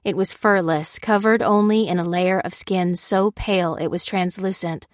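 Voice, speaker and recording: Her voice on the low side, a woman narrates a scripted tale at a normal pace with a steady, even manner. The recording is clean studio sound with no room sound.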